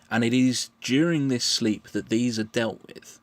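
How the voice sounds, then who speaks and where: A man explaining his answers in a measured, patient monologue, often restarting his phrases. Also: mid-range voice, gravelly, dry recording. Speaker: vlogger answering questions.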